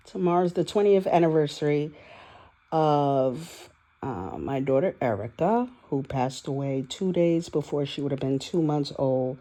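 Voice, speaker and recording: Woman, 40s, dark mellow tone, unscripted confessional vlog, raw and rambling. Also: low-pitched. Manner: candid, rambling, profane, emotional. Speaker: vlogger. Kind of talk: confessional audio diary. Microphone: voice-only recording, no video.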